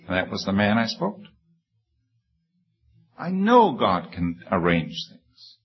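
Earnest low-voiced man preaching. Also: wildly swooping pitch, slow pace, pauses often, husky, muffled recording. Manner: earnest, humble, with frequent restarts and emphatic high peaks. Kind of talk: sermon with personal story.

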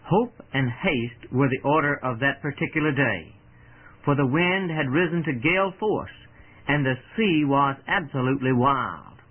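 A man's voice: mid-range voice, expressive, normal speed, slightly rough. A man telling an illustrative story and preaching an earnest, pleading sermon to listeners. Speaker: radio preacher. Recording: tinny old radio broadcast.

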